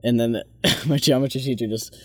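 A teenage boy playfully hosting casual student interviews, quick to laugh. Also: medium pitch, steady tone, no echo, studio quality. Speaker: host.

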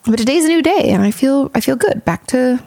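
A woman's voice: high voice, lively intonation, a little fast, dark tone, no echo. A woman podcast host and therapist giving candid, chatty advice and swearing casually.

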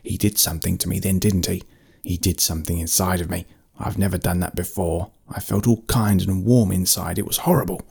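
A man voicing a gruff, grumpy ancient forest creature who hates losing, in a bedtime storybook. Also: low-pitched, fairly even intonation, brisk, a little mellow, heavily acted. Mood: grumbling. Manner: gruff, blustering, easily annoyed. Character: grumpy ancient male forest fighting creature, sore loser.

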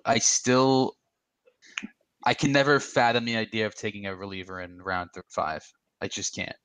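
Male podcast co-host, forceful tone, emphatic opinions, dry sound. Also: lowish voice, steady tone, moderate pace, smooth, no room sound. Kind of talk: casual podcast chat.

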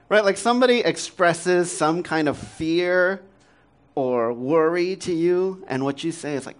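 A man's voice: a little high, slow, pauses often. Man preaching a casual, conversational sermon. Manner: conversational, self-deprecating, frequent laughs and fillers. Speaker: pastor.

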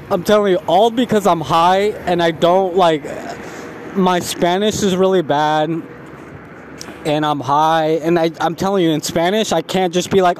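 A man's voice: sits high, steady tone, unhurried, slight background noise. A young man telling a rambling, profane story about himself in a casual vlog, laughing at himself.

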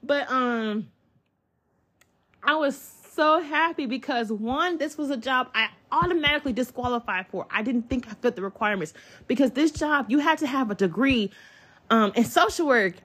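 A woman, hosting a podcast from home and telling a personal story in a chatty, excitable way. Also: sits high, normal speed. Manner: chatty, excitable, addresses listeners as y'all. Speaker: podcast host. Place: at home, child in the room.

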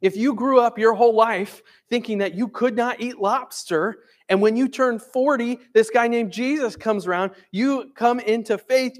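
A man pastor preaching a conversational sermon, often checking in with "right?". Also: high voice.

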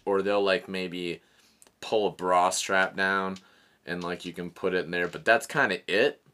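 A man's voice: low voice, fairly bright tone. A man in his thirties casually telling a long story, laughing often and swearing freely.

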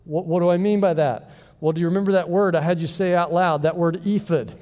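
A man preaching a sermon as pastor, telling a Bible story with lively rhetorical questions. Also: high voice, brisk, big-room sound. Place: church auditorium.

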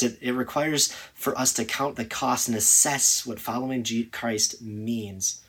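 A man preaching a sermon, earnest and emphatic, with sudden loud, high bursts when he acts out a scene. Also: slightly rough.

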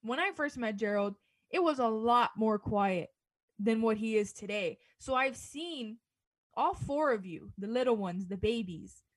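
Young female radio regular, higher pitch, earnest and encouraging, dry studio mic. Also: lively intonation, a little slow, dry recording, rough recording. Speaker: former student radio host. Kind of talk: heartfelt casual chat on radio.

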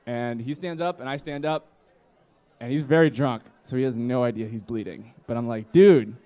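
His pitch sits in the middle and his tone stays steady, a little mellow, at a moderate pace. He's a twenty-something storyteller at a live comedy podcast, meandering through a drunken story and voicing his friends, with audience laughter behind him.

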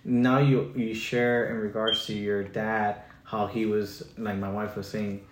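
A man's voice: lowish voice, flat delivery, unhurried, slight background noise. A man who is a church leader, speaking earnestly in a podcast chat, quoting scripture and dropping in Spanish words. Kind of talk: conversational teaching with scripture. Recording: roomy echoey room.

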